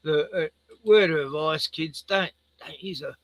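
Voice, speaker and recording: A middle-aged Australian vlogger chats casually in a slightly slow, higher-pitched voice, laughing often and breaking off to coo at his pets in a playful singsong. It's a rambling chat, and the recording is muffled with no room sound.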